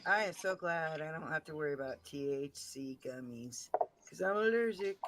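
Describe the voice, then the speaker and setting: A woman's voice: low voice, animated, moderate pace, a bit bright. A woman hosting a live-streamed panel game, chatting casually and greeting viewers by name. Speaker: game show host. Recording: noisy background.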